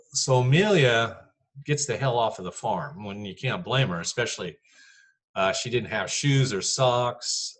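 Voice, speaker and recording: Male teacher, lower voice, a bit husky, chatty and rambling poetry lecture. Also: a bit bright. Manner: chatty, rambling, many fillers.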